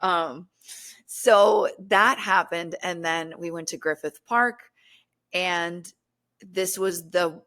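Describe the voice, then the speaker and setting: A young woman telling a story in casual podcast chat, animated, acting out quotes with lots of fillers. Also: fairly low pitch, slow. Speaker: guest, paranormal content creator.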